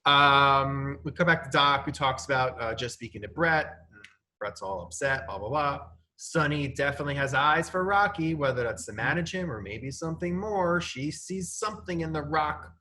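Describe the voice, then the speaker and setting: A man in his thirties, a guest on a podcast, recapping events briskly with dry little asides. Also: a little high, animated, sharp tone. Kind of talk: casual chat.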